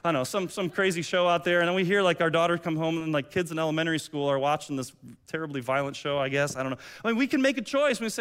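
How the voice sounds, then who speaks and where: A man's voice: fairly high pitch, very fast, few pauses, a bit bright, clear, resonant tone. A man pastor giving a sermon in a conversational, chatty way, with many asides and restarts.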